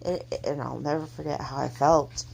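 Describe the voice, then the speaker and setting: A woman tells a personal story in a low, gravelly voice. She talks haltingly, with pauses and restarts, in a casual tone. A faint noise sits behind her. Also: fairly even intonation. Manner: halting, hesitant, soft-spoken delivery. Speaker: mother telling her family's story.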